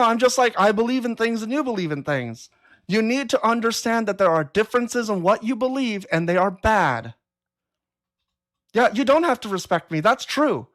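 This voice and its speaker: A woman hosting a live stream, talking casually and replying to chat comments in a blunt, profane, exasperated way. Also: mid-range voice. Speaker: livestream host. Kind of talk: casual livestream talk reading chat comments.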